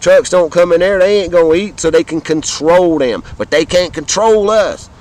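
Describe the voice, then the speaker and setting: A man from the American South with a noticeably high-pitched voice delivers an impassioned, profane rant. He speaks straight to his viewers and drives his points home through repetition. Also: lively intonation, moderate pace, darkish tone, poor audio. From Southern United States. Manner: fiery, profane, repetitive, addresses viewers directly. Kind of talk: impassioned political rant to camera.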